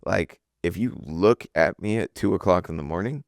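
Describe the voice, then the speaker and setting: A man with a very deep, low voice speaking on a podcast. He sounds earnest and driven and keeps tagging his points with quick check-ins. The sound is dry and close, with no room echo. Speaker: podcast co-host. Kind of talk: casual podcast chat.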